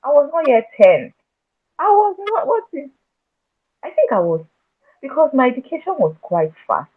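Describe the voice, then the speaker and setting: A woman guest telling her own story in a conversation, halting and earnest, often restarting and repeating words. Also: high voice, big pitch swings. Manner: earnest and emotional when recounting her past. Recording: tinny phone-like audio.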